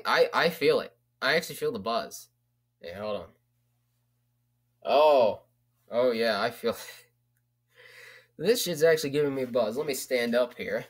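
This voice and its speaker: A man's voice: mid-range voice, slightly rough. A young man vlogging in a casual, rambling way, with loose talk and frequent swearing. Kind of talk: casual vlog chat.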